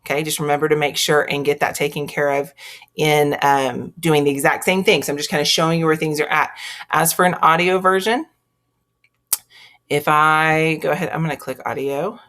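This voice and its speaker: A woman's voice: low voice, steady tone, moderate pace, a bit bright. A woman with a Texas accent teaching a screen-recorded tutorial, chatting step by step through each click. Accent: Texan.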